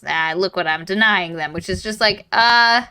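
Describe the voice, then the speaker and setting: A bright-toned woman on a close, dry podcast mic, chatting casually about a book. She retells the story with energy and acts out the characters' lines, swearing as she goes. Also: lowish voice, moderate pace, clear, resonant tone, dry recording. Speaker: podcast co-host. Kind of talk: casual book-club chat.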